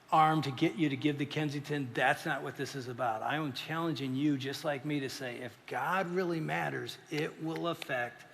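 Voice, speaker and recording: A man preaching a sermon as pastor, telling stories with lively acted-out voices. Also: a little high, gravelly, slight background noise. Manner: animated storytelling, acting out voices. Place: church. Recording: reverberant church hall.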